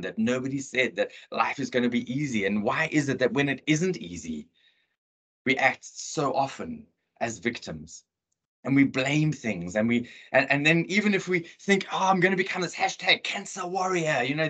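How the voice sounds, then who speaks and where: A middle-aged South African man with an earnest, animated manner, telling a personal story in a talk over a video call. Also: medium pitch, slightly rough. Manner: earnest, animated storyteller who acts out dialogue. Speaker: motivational speaker.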